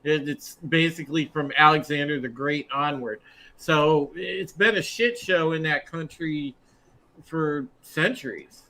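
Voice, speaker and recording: A man's voice: on the high side, unhurried, sharp tone. A man on a group podcast reading out listener comments in a casual, chuckling way.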